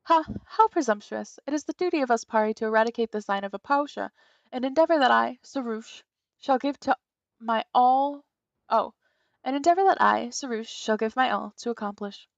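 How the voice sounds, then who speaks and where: A woman's voice: fairly high pitch, normal speed, creaky, no room sound, muffled recording. A woman voicing a proud, grandiose female spirit guardian in a video game, speaking in a pompous, theatrical formal manner.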